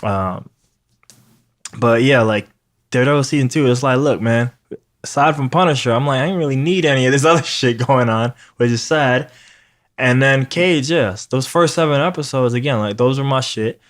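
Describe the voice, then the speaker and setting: A man chats loosely on his podcast. He rambles and swears freely, and his voice sits at an ordinary middle pitch. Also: moderate pace. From New York. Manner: profane, rambling, animated storytelling. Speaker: podcast host. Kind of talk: casual chat.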